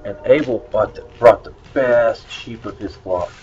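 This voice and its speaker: Low-voiced guy teaching a bible lesson, slow and rambling, dull lo-fi recording with a little hiss. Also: a little mellow. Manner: rambling, conversational, with many fillers and acted quotes. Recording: dull lo-fi recording with faint noise.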